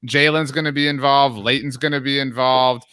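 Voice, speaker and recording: Man, crisp smooth voice, forceful tone, dry close sound, measured podcast analysis. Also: mid-range voice, steady tone, dry recording. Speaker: guest, fan site owner. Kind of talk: casual podcast chat.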